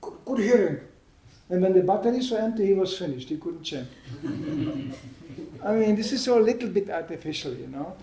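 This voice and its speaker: A man with a fairly high voice gives a loose, storytelling spiritual talk, laughing now and then at his own anecdotes. His voice rings with a noticeable roomy echo. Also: animated, fairly quick, warm tone. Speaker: devotional speaker. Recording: echoey room.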